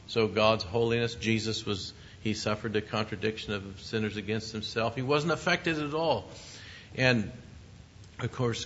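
Warm-toned preacher man, lo-fi. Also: fairly low pitch, slight background noise. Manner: conversational preaching with asides and chuckles. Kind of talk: sermon. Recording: muffled lo-fi recording.

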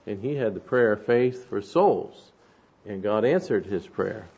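A man's voice: fairly low pitch, expressive, measured pace, gravelly, a little mellow, slightly rough, lo-fi sound. Conversational man preaching a sermon. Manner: conversational, asks the room "right?"; reads scripture aloud with rising force. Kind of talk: expository sermon.

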